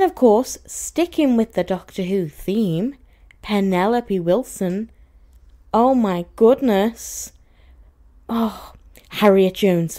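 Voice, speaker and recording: A young woman with a soft Scouse accent, chatting casually through a TV review with lots of fillers and asides. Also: mid-range voice. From Merseyside, England. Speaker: TV review vlogger.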